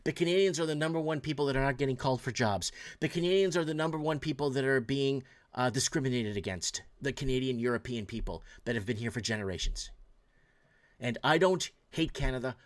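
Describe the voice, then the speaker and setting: A man's voice: medium pitch, brisk. A man from Portugal hosting a late-night call-in show, ranting with heated emphasis and reading out viewer messages. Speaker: talk show host.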